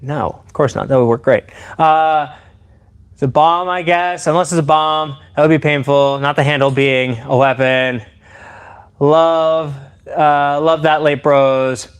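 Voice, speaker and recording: A man live-streaming a demonstration of improvised weapons. He talks to his chat in an excitable, playful way. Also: on the high side, unhurried, smooth. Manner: excitable and playful, addressing viewers directly.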